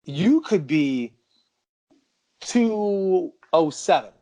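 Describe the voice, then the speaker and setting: A middle-aged man co-hosting a martial arts podcast, telling stories in an animated, boastful way. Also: high-pitched, drawn-out words. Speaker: podcast co-host. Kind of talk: casual chat.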